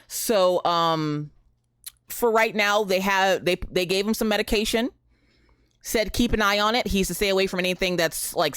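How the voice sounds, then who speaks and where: This woman in her thirties has a smooth, mid-range voice, captured dry with clean studio sound. Chatting loosely on a live stream, she animatedly calls out chat members by name, says "y'all" in a Southern way, and spins a story.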